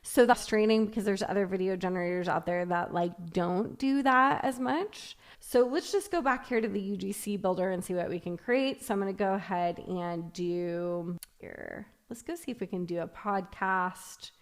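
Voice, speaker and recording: A young adult woman chatting her way through a software tutorial, upbeat and thinking aloud as she clicks around. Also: mid-range voice, normal speed. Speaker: tech reviewer. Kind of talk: screen-recorded software tutorial.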